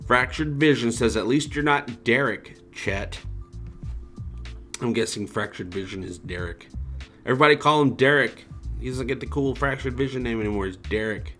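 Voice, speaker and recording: A man's voice: medium pitch, a little fast, fairly bright tone, faint music behind. A man hosting a casual livestream, reading out viewer comments and joking around in a loose, rambling way. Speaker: livestream host.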